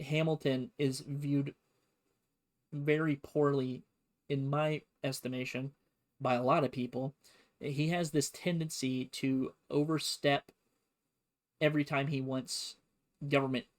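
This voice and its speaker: A man giving a casual streamed history lesson, talking in a conversational, digressive way. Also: mid-range voice.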